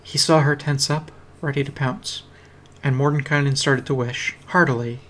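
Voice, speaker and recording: Reading a fantasy fan story aloud on a stream, a man sounds dry and wry. He has a mid-range, fairly bright voice with fairly even intonation and a moderate pace, recorded on a streaming mic at his home streaming setup.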